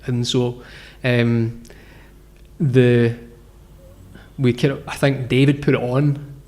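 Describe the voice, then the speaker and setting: A man's voice: mid-range voice, flat delivery, slow, darkish tone. A man, a guest founder telling his story in a casual interview, rambling with lots of fillers and restarts. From Scotland. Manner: rambling, filler-heavy, self-correcting.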